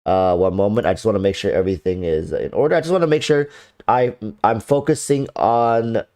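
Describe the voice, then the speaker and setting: A man's voice: deep voice, animated, fast, a little mellow. A man with a nasal, congested voice, chatting casually on a game livestream and often restarting his sentences. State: congested sinuses. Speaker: game streamer.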